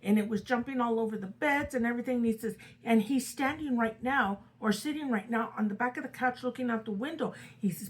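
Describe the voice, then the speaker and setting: A woman's voice: fairly high pitch, brisk, hardly any pauses, rough recording. An older woman casually retelling a spooky true story from her own family, chatty and dramatic. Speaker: storyteller host. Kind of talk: casual spoken ghost story.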